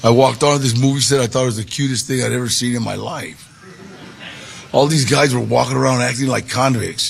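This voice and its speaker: A man telling a personal story to an audience, animated, with gravelly voice-play in the quotes. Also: mid-range voice, fairly quick, a little hiss or hum. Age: 40s or older. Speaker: guest storyteller.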